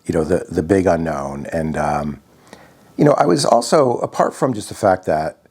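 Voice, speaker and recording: A man from Connecticut telling a personal story in a reflective, halting way, often restarting his sentences. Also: deep voice, lively intonation, a little mellow, breathy edge. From Connecticut, USA.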